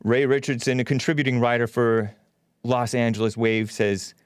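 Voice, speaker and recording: A man's voice: mid-range voice, normal speed, smooth, dry recording, clean studio sound. A man hosting a live-streamed talk show, chatting casually and reading viewer comments aloud. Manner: animated, reads chat comments aloud with laughs.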